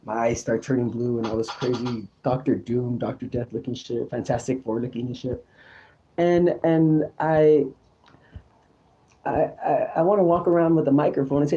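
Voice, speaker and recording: A man's voice: medium pitch, steady tone, moderate pace, warm tone, dull audio. A man hosting his own show in a rambling, repetitive, confessional monologue. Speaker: show host.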